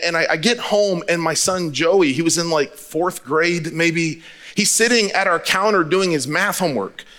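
A man's voice: on the high side, pushed and bright. A middle-aged man from the United States, a pastor preaching a sermon in a candid, storytelling way. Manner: candid storytelling, conversational with repetitions.

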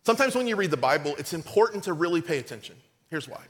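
A middle-aged man preaching a sermon, lively and conversational, acting out quotes in his stories, with a cold. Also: fairly high pitch, rapid-fire, long reverb tail. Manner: storytelling, animated and conversational, acts out quotes. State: has a cold. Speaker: pastor.

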